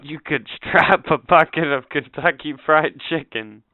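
A man's voice: a little high, measured pace, no room sound. A man co-hosting a podcast, joking with crude, profane humor. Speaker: podcast co-host. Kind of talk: crude comedic chat. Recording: dry, phone-like lo-fi sound.

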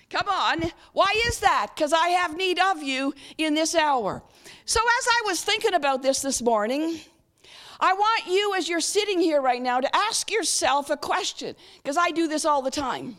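A woman's voice: very high-pitched, animated. A woman preaching at a church service, often asking her audience questions and leading them through a guided reflection. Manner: interactive, asks the audience frequent questions; leads a guided reflection, slow and soft at times. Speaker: guest speaker. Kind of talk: sermon.

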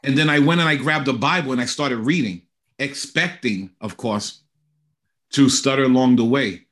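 Middle-aged guy telling his testimony in an interview, earnest and animated, mid-pitched voice. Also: moderate pace. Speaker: guest sharing a personal testimony. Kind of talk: conversational interview.

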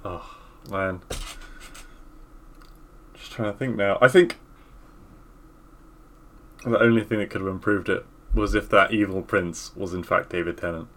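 A man's voice: deep voice, fairly even intonation, unhurried, long pauses, a bit bright. A man co-hosting a podcast in casual chat, loose and sweary, trailing off mid-thought. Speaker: podcast co-host.

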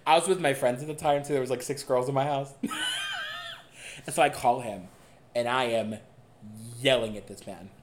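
A young man co-hosting a podcast, telling a dating story in a casual, animated and profane way. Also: mid-range voice, normal speed, pauses often, raised voice, slight background noise. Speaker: podcast co-host. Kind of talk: casual chat.

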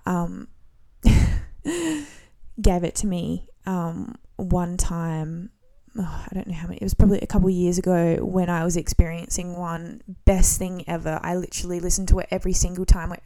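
A woman in her twenties hosting a solo podcast, talking casually in a relaxed, rambling way with frequent ums and restarts. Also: fairly low pitch. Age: 20s. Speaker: podcast host.

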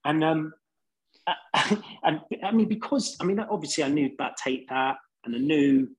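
A man's voice: fairly high pitch, animated, measured pace, husky, poor audio. A man with a London accent, a band singer on a podcast, rambling through laid-back anecdotes with lots of fillers. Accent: London English. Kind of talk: casual storytelling.

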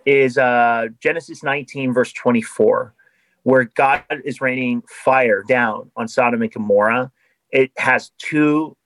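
A man's voice: medium pitch, no room sound, low-quality recording. A man, a podcast guest, talking in an earnest, explanatory way in casual conversation.

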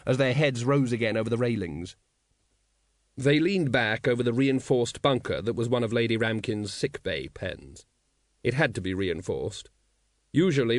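A man reading an audiobook aloud, wry and measured. His pitch moves in a lively way through each sentence. The recording is close and dry. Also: dry recording. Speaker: audiobook narrator. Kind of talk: scripted narration.

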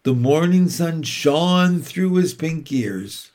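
A man reading a children's book aloud, narrating slowly and deliberately. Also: fairly high pitch, animated, a little mellow. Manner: slow, deliberate storytelling.

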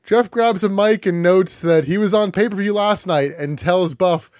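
Dude on a wrestling podcast, kinda high voice, dry sarcastic recap, no room echo. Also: male voice, normal speed, darkish tone. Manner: recaps play-by-play, dry and sardonic. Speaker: podcast co-host. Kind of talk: casual wrestling recap chat.

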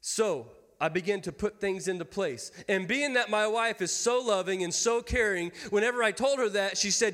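A man's voice: sits high, moderate pace, hardly any pauses, fairly bright tone. A man in his thirties preaching a sermon as pastor, folksy and joking with his congregation. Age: 30s. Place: church sanctuary. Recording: long hall reverb.

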